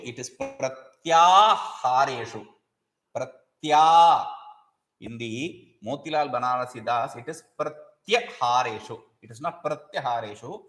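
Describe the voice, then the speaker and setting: A man's voice: mid-range voice, fairly bright tone. A man teaching a grammar lesson, patiently explaining and repeating terms and asking rhetorical questions. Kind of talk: explanatory lecture.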